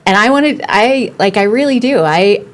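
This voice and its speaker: A woman's voice: medium pitch, lively intonation, normal speed. A woman hosting a podcast who asks questions in a loose, conversational way with frequent restarts. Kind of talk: casual podcast interview.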